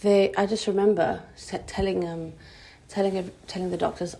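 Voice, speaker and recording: A young woman telling a personal story in a halting, emotional way, with many restarts. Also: medium pitch, little pitch movement, gravelly, mellow, slightly rough. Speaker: vlogger.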